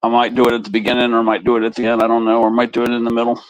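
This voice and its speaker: A man's voice: medium pitch, monotone, very fast, no echo, low-quality recording. A man hosting a live stream, chatting casually and crudely to his viewers in a rambling way. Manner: rambling, crude, talks straight to the chat.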